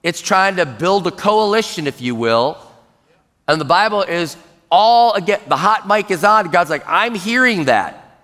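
A man preaching a sermon as pastor, emphatic, dropping into low grumbles when acting out what people mutter. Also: lively intonation, normal speed, a bit bright. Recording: long reverb in a large hall.

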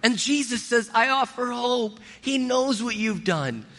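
A man's voice: very high-pitched, expressive, unhurried, fairly bright tone, big-room sound. A middle-aged man preaching a sermon as pastor, earnest and pleading, repeating his key phrases.

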